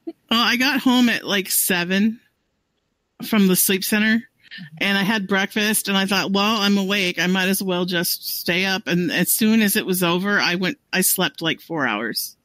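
A woman co-hosting a writers' podcast, chatting in an easygoing way with hesitant pauses. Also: mid-range voice, fairly bright tone, no room sound. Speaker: podcast co-host. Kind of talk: casual chat.

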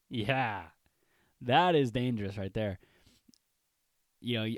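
A man's voice: mid-range voice, expressive, moderate pace, long pauses, no room sound, studio quality. Laid-back young man podcasting solo. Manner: laid-back, rambling, says bro and dude. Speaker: podcast host. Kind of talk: casual solo podcast monologue.

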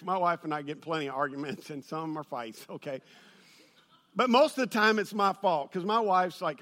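A man preaching a sermon, telling a funny personal story and building to loud, excited peaks. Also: high-pitched. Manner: storytelling with humor, rises to shouting. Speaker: pastor.

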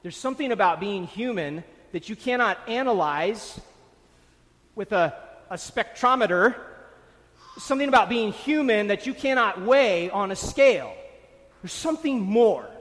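A man's voice: high voice, expressive, measured pace, a bit bright. A man preaching a sermon, stressing and repeating key phrases for emphasis. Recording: long hall reverb.

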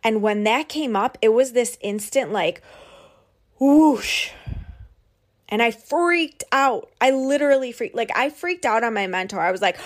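A young woman hosts her own podcast and talks through a personal story in a casual, candid monologue. Her voice sits a little on the high side. She speaks in an animated way, leans on "like" and drops the odd swear word. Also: normal speed. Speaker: podcast host and business coach.

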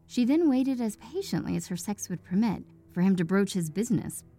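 A woman narrates a story in a warm, mellow voice, measured and even. Faint music plays softly in the background. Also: mid-range voice.

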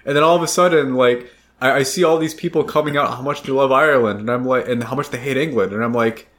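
A man's voice: medium pitch, fast, a bit bright. A young American man co-hosting a casual podcast, rambling and joking, often acting out quotes. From United States. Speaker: podcast co-host. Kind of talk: casual chat.

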